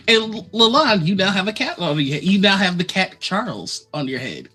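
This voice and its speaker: Guy gm narrating a tabletop game, highish bright voice, lots of uhs, chill. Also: a little slow, husky, faint music behind. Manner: relaxed, laughing, many uh fillers. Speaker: game master.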